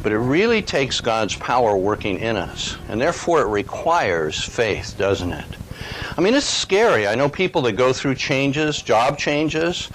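A man's voice: mid-range voice, sing-song, a little slow, a bit bright, a little hiss or hum, low-quality recording. An older male preacher with a mid-range voice, speaking earnestly and conversationally to his congregation. He leans on rhetorical questions and plain, personal talk. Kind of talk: sermon.

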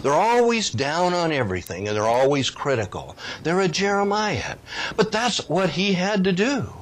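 A man's voice: sits high, sing-song, moderate pace. A man preaching a sermon, reading scripture aloud and pressing his points with rising, questioning emphasis.

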